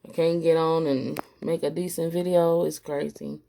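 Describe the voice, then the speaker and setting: A woman's voice: sits low, flat delivery, gravelly, warm tone, a little hiss or hum. A woman hosting a casual step-by-step craft tutorial, talking unhurriedly with an itchy throat from allergies. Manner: unhurried, plain instructional talk.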